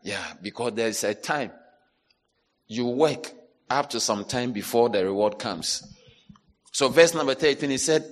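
A male pastor preaching a sermon, animated, dropping to low asides and rising to loud shouted lines as he acts out complainers. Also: normal speed. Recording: long hall reverb.

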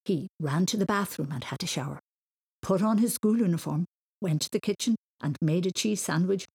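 A woman reading a children's story aloud in a gentle storytelling manner. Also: on the low side, breathy edge.

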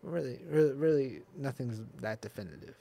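A man's voice: medium pitch, expressive, fairly quick, vocal fry, dark tone. A young man hosting his own podcast alone, rambling off the cuff with frequent swearing and laughter. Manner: rambling, profane, laughs often, restarts and off-the-cuff asides. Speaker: podcast host. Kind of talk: casual solo podcast rant.

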